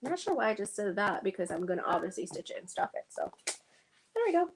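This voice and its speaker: A woman's voice: medium pitch, sing-song, quick pace, noisy background. A woman hosting a casual sewing livestream, thinking aloud and chatting to her viewers as she works.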